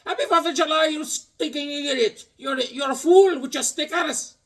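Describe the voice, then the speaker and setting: A man putting on the voice of a rude, loudmouthed male gas station clerk who shouts insults in a shrill, drawn-out way. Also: recorded from a distance. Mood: mocking.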